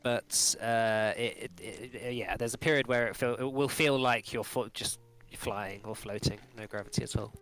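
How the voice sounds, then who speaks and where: A man's voice: fairly low pitch, fairly even intonation, moderate pace, few pauses, fairly bright tone. A man running a tabletop game as game master, narrating with many fillers and restarts.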